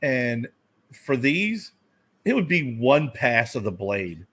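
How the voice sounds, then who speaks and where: A man's voice: mid-range voice, sing-song, takes it slowly, fairly bright tone, breathy edge. A man in casual podcast chat, grumbling with exasperation about overpriced work. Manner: exasperated complaining about prices. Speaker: podcast co-host.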